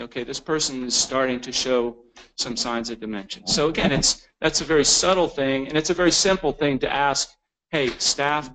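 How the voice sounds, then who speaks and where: A man's voice: mid-range voice, a bit bright, rough recording. A man presenting a continuing education lecture in a conversational way, often restarting words and acting out the lines of clients and staff. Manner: informal, repeats words, acts out quoted clients.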